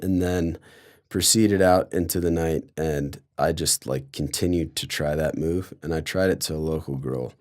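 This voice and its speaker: A man's voice: extremely low pitch, moderate pace, darkish tone. A young man from Colorado casually telling a rambling story, full of fillers and sarcasm. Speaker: guest storyteller.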